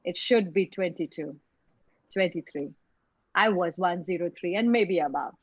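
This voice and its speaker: A woman tells her own story in a web lecture, halting and repeating words as she goes, heard over a video call microphone. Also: on the low side, husky, no room sound, lo-fi sound.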